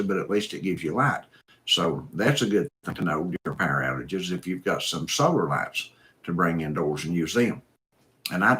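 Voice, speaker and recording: A man's voice: low-pitched, bright, forceful tone. A man hosting a live stream, reading viewer comments and chatting in an easygoing, folksy, rambling way. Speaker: host.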